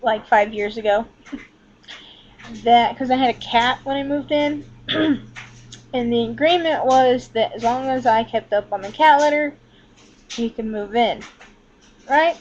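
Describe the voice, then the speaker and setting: A woman's voice: a little high, slow pace, long pauses, slight background noise. A woman talking casually into her laptop at home, rambling candidly and swearing often. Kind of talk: casual webcam vlog. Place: indoors at home, leaning back from laptop. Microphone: laptop built-in mic. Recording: dull lo-fi laptop audio.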